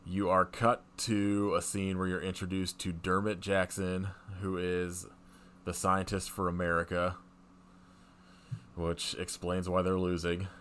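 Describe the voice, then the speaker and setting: Deep voiced guy on a podcast rambling through a movie plot, lots of likes and ums, kinda wry. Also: completely flat delivery, unhurried, fairly bright tone, a little hiss or hum. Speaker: podcast co-host. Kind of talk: casual movie recap.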